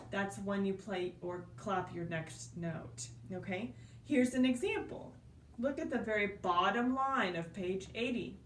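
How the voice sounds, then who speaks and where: Patient woman teaching piano, slow and lively. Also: fairly high pitch. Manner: patient, checks in with "okay?" and counts aloud. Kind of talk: virtual beginner piano lesson. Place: indoors at a piano. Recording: roomy sound from off-mic, piano behind.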